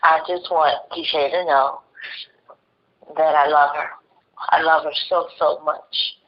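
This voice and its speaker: A woman's voice: low voice, steady tone, a little slow, highs cut off, a little hiss or hum. A mother speaking on the phone, emotional and pleading. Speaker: mother of a missing daughter, guest. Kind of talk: phone interview.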